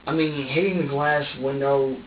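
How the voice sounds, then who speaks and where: A man's voice: mid-range voice, fairly even intonation, moderate pace, a little hiss or hum. A young man making an emotional confession during a police interrogation, agitated and profane, stammering and restarting as he talks. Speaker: suspect being questioned by police. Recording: distant, roomy, dull room recording.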